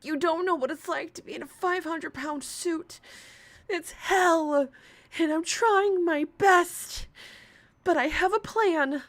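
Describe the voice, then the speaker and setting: Woman doing a mock-tearful voice, whiny self-pitying young woman, high and thin, pleading. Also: slow, heavily acted. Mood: mocking whine.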